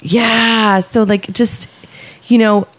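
A woman co-hosting a casual podcast, speaking in a gushing, affectionate way and sometimes reading passages aloud slowly. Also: a little high, steady tone. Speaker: podcast co-host. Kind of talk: casual chat.

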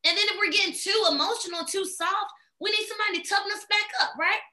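A woman chatting casually about astrology in an animated, filler-heavy way. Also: very high voice, fast. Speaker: astrology guest. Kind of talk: casual chat.

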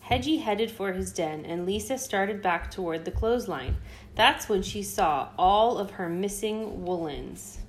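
A woman hosting a children's read-aloud, telling the story gently and expressively. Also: mid-range voice, animated, a little slow, noisy background. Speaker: host reading to children.

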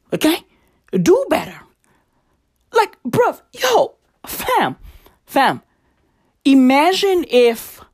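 Young woman, comedic rant, profane slang, mock-outraged, highish voice, unhurried delivery. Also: a little mellow. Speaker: vlogger.

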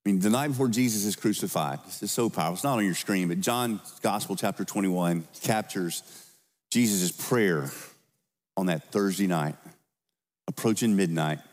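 A man's voice: low-pitched, brisk, a little mellow. A man preaching a sermon as pastor, in a conversational style, often asking the congregation questions and adding "right?". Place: church sanctuary. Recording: long church reverb.

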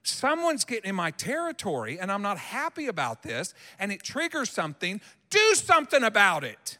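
Male pastor preaching, bright sharp voice, long echo of a big church hall. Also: high-pitched, moderate pace, hardly any pauses. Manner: animated and emphatic, acting out people's lines. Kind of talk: sermon. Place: church sanctuary.

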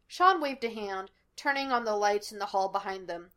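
A woman reading fan fiction aloud as audiobook narration, in a steady, even storytelling manner. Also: medium pitch, normal speed, few pauses.

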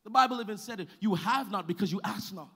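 A male pastor preaching a sermon, building to shouted, sing-song calls and call-and-response with the congregation. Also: high voice, fast talker, slightly rough.

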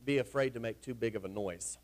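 A man preaching a sermon to his congregation in a church, with a folksy, rousing manner that often rises to shouting. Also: mid-range voice, a little fast. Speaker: pastor. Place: church sanctuary.

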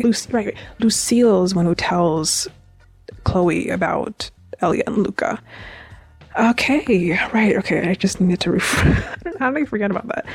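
A young woman hosts a review podcast and recaps an episode in a loose, chatty way. She talks with lots of feeling, trips over her words and corrects herself as she goes. Her voice sits at an ordinary middle pitch for a woman. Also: a little mellow, no room sound. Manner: chatty, emotional, restarts and self-corrections. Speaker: podcast host reviewing a TV series.

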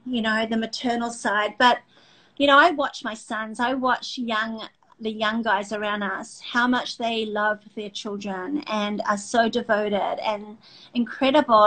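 A woman's voice: fairly high pitch, a bit bright, poor audio. A middle-aged woman hosting a faith talk show, speaking earnestly and emotionally with many restarts. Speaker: host.

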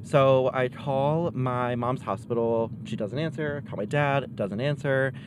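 A young man casually telling a wild story from his high school days, acting out the voices of the people in it. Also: a little slow, background noise. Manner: animated, acts out quoted voices. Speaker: storyteller guest.

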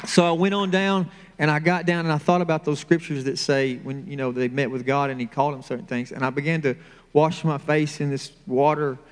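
A man's voice: flat delivery, a little fast, clean tone. Man giving a heartfelt testimony in a hall. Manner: heartfelt, rising in pitch and intensity. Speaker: church member giving testimony. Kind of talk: emotional personal testimony.

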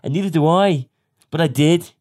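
A man's voice: a little high, moderate pace, pitched above the performer's own voice, natural voice. A man putting on a brash fighter. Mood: cocky boasting. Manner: loud, swaggering, swearing taunts. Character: brash boastful Irish male fighter, cocky.

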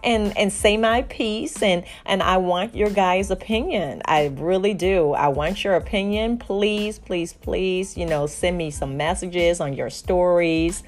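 A woman's voice: fairly low pitch, unhurried, few pauses. A middle-aged woman from Chicago hosting her own podcast, talking candidly in a rambling way with many restarts and fillers. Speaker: podcast host. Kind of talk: casual solo podcast monologue.

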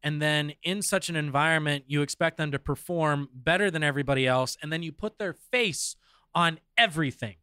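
A man with a bright, forceful voice, a little high for a man, talks through sports news on a podcast. He muses aloud and reads from notes with frequent fillers. The sound is dry and close. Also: brisk, clean tone, dry recording. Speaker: podcast co-host. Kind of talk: casual chat reading news.

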